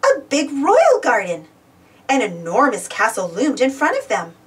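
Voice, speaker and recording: A woman reading a children's storybook aloud with expressive, lively narration. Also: on the high side, measured pace. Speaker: storybook reader. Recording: voice distant from the mic.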